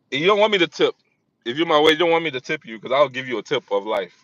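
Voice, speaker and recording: A man gives a loose, rambling vlog monologue, stumbling over restarts and repeating himself. His voice sits at a middle pitch with a bright, forceful edge. The recording is dry and slightly dull, like cheap lo-fi gear. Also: very animated, fast, no echo. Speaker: vlogger. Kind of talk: casual monologue.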